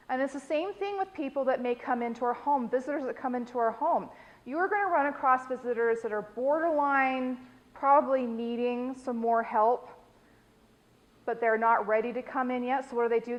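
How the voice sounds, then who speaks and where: A woman's voice: fairly high pitch, moderate pace, long reverb tail, muffled recording. American woman trainer quizzing a class. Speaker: dementia care trainer.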